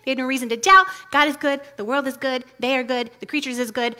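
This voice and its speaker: A woman's voice: high voice, steady tone, fast, pushed and bright. A woman giving a casual, humorous teaching talk, chatty and full of asides, laughing often.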